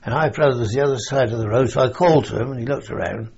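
A man's voice: mid-range voice, very fast, gravelly, a little mellow, slightly rough. An older man from England, telling wartime memories in a rambling oral-history interview, chuckling and saying "you see" as he goes. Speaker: veteran interviewee. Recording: dull lo-fi recording.

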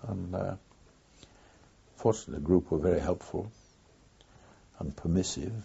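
An older man, a former wartime pilot, recounting his memories in an oral history interview with an unhurried, reflective pace and frequent pauses. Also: low voice, creaky, warm tone, slightly rough. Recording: dull lo-fi recording.

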